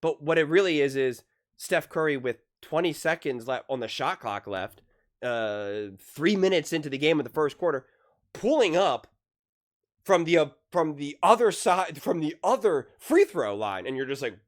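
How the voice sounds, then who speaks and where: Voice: mid-range voice, sing-song, normal speed. A sports commentary channel host giving heated, opinionated commentary, stressing points by repeating key phrases.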